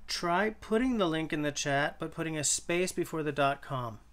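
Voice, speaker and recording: A man's voice: fairly high pitch, normal speed, fairly bright tone. A man from Canada hosting a casual live stream, rambling and thinking aloud as he reads and answers viewers' chat. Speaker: livestream host.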